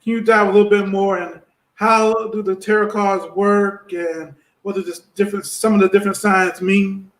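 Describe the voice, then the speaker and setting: A man hosting a relaxed interview, putting short questions to his guest. His voice sits high for a man. The sound carries a roomy echo. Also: moderate pace. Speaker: interview host. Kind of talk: casual interview chat.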